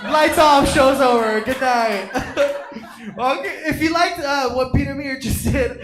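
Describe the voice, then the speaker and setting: A high, bright-toned man hosting a stand-up night on a club stage, his voice playful and sing-song as he hypes the crowd. The mic sits in an echoey room with music running underneath. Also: measured pace. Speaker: stand-up comedy show host. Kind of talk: live comedy club hosting.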